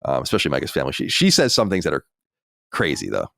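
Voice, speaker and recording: A man's voice: a bass voice, huge pitch swings, quick pace, vocal fry, a bit bright, no room sound, studio quality. An American man co-hosting a podcast, reading listener mail and musing in casual chat with lots of fillers. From United States. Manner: reads listener mail, then muses with many fillers. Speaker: podcast co-host.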